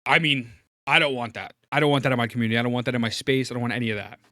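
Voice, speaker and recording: A man hosting a stream, reacting in heated commentary with profane ranting that climbs toward shouting. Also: mid-range voice, steady tone, very fast, no room sound. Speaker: streamer host.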